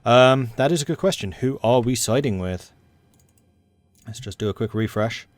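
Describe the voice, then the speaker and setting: An excitable young Englishman rambling through commentary on a strategy game he is playing. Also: mid-range voice, moderate pace, no room sound. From England. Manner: excitable and rambling, self-described hyper. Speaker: let's play host. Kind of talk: gaming commentary.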